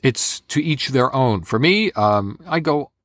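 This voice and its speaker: A man's voice: medium pitch, a little slow, dry recording. A young American man, a voice actor, telling stories in a casual interview and slipping into impressions. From United States. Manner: animated storyteller, slips into impressions. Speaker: voice actor guest.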